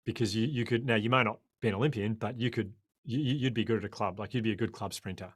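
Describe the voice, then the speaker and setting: An Australian man in his forties, a guest on a podcast interview, talking in an impassioned, animated way. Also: fairly low pitch, quick pace, breathy edge, no room sound, studio quality. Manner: impassioned, animated storyteller who acts out quoted voices.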